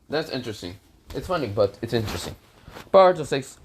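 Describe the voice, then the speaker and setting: A man's voice: medium pitch, expressive, quick pace, a little hiss or hum. A man casually narrating an improvised fan story, rambling with fillers and self-corrections.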